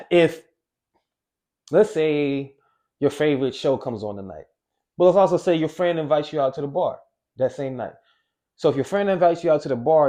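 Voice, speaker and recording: Speaking to camera as a weight-loss coach, a man gives a casual, motivational talk in a mellow, medium-pitched voice. He repeats key phrases and slows down to stress single words.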